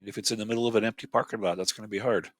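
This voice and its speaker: A man's voice: fairly low pitch, fairly even intonation, racing, a bit bright, dry recording. A man playing a tabletop game, hesitant as he plans aloud. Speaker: player.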